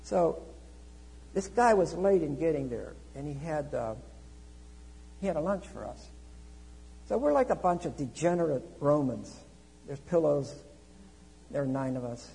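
A man preaching a sermon, telling a travel story with lively swings between quiet asides and loud exclamations. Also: a little high, a little slow, vocal fry, pauses often, poor audio. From United States.

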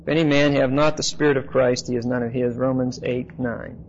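A man preaching an expository Bible teaching, measured and emphatic, often pausing with "uh" and checking in with "okay?". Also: mid-range voice, flat delivery. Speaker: pastor. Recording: slightly dull lo-fi sound with faint noise.

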